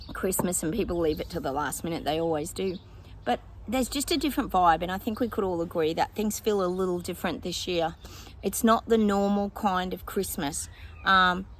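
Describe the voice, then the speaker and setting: A woman's voice: mid-range voice, slight background noise. A woman psychic talking casually to her viewers, rambling and thinking aloud with lots of fillers and frequent laughs. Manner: laughs often. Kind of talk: casual predictions monologue to viewers.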